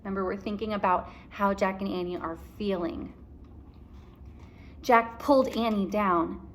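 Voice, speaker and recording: Woman teacher reading aloud to kids, slow and expressive, explains as she goes. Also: mid-range voice, a little hiss or hum.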